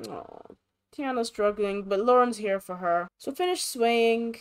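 A young woman giving casual, chatty commentary on a life-simulation game, expressive and sympathetic. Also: a little high, unhurried, smooth. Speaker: gaming creator.

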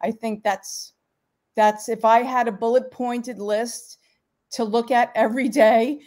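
A woman's voice: fairly high pitch, steady tone, darkish tone. Heartfelt middle-aged mother telling her story. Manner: heartfelt, halting, emotional. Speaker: parent guest. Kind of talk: personal storytelling in a live interview.

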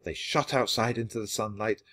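A man narrating a children's book aloud for language learners, reading clearly and steadily. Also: lowish voice, moderate pace, fairly bright tone.

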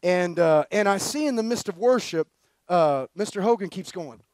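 At a conference, a high-voiced man delivers a storytelling sermon at a moderate pace, loose, slangy, and full of energy. The recording is close and dry, with no echo.

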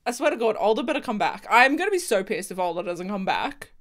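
A woman giving casual reaction commentary, excitable and swearing freely, with frequent laughter. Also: a little high, fast talker. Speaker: video reactor.

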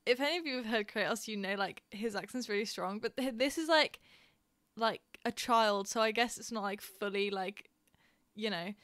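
Giggly young english woman chatting on her game stream, higher voice, dry close sound. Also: fairly bright tone, dry recording. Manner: chatty, giggly, storytelling with many fillers. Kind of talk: casual chat while gaming.

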